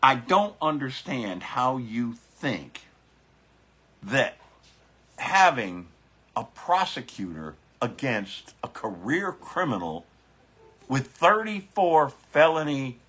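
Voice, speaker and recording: A man's voice: medium pitch, a bit bright. A man doing a profane live-streamed political rant to his viewers on his phone, fiery and swearing, repeating his catchphrases. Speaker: biker vlogger.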